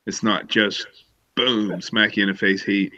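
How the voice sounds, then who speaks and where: A man's voice: lowish voice, little pitch movement, a little slow, sharp tone. A man co-hosting a livestream, teasing and laughing often. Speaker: livestream co-host. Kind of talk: casual livestream chat.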